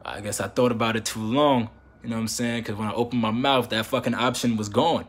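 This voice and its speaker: A man's voice: mid-range voice, quick pace. A young man telling a casual, slang-heavy story and acting out the back-and-forth of an argument. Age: young adult. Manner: animated slangy storytelling, acts out both sides of the dialogue. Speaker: vlogger.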